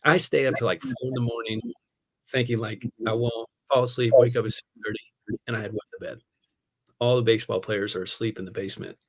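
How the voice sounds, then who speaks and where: A man with a voice of everyday pitch tells a personal story in a relaxed podcast conversation. He speaks as a pastor, animated and candid, often breaking into laughter. He sprinkles his sentences with "man" and "dude". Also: fairly quick.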